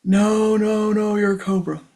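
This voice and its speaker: A man voicing a startled farmer in a parable, exclaiming in a raised, high voice. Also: expressive, moderate pace, creaky, mellow. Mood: alarmed. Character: startled middle-aged male farmer, flustered.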